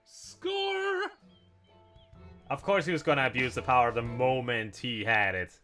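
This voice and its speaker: A man's voice: mid-range voice, fairly quick, pushed and bright. A man giving casual blind reaction commentary on an audio drama as a video plays. He rambles, restarts his sentences and laughs often. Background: music from the video.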